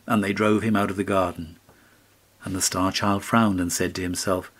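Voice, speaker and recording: A man narrating a classic fairy tale as an audiobook, in a measured storytelling way. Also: deep voice, little pitch movement, fairly bright tone, husky.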